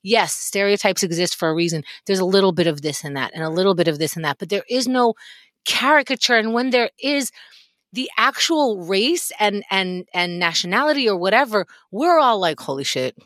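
A young adult woman co-hosting a podcast, arguing her point emphatically in casual chat, sometimes talking fast. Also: medium pitch, animated, a bit bright, no echo. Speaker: podcast co-host.

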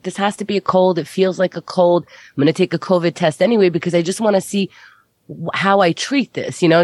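A woman with a slightly low voice chats on a comedy podcast and tells her stories with lively play-acting, voicing everyone in the calls. The studio sound is dry and close. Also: dry recording. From Israel. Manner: animated storytelling, acts out both sides of phone calls. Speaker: podcast co-host. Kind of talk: casual comedic chat.

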